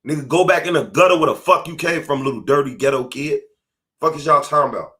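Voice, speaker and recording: A man's voice: on the high side, fast talker, a bit bright. A man hosting a podcast, delivering an angry, profane and confrontational monologue from home. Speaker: podcast host.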